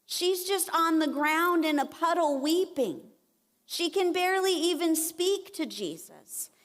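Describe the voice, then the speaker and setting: A woman giving a conversational, animated sermon at a church women's conference and acting out the lines she quotes. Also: extremely high pitch, unhurried. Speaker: conference speaker. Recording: long reverb of a church hall.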